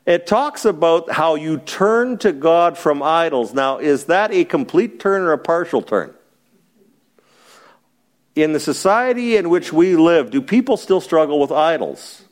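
Middle-aged preacher guy, chatty bible study, voice swings up and down a lot, cracks jokes. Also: on the high side. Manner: lively, joking, asks the group questions. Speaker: pastor teaching a Bible study. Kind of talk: conversational Bible teaching with congregation interaction.

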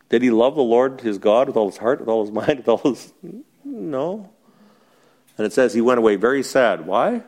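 A man's voice: medium pitch, lively intonation, normal speed, a little mellow. A middle-aged man as a pastor, teaching a Bible study in a conversational, joking way and asking the group questions.

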